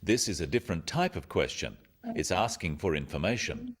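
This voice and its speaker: Casting: deep-voiced male narrator, highly animated intonation, clear and instructive, scripted lesson narration. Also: moderate pace.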